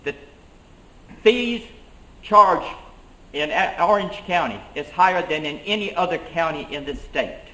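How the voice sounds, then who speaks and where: A man's voice: fairly high pitch, a little slow, long pauses, sharp tone. A man as an indignant colonial rebel leader. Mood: earnest. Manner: earnest, emphatic storytelling that rises on grievances. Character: 18th-century colonial schoolmaster turned rebel leader, male, indignant. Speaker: living-history reenactor. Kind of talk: first-person historical reenactment monologue. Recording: roomy echo.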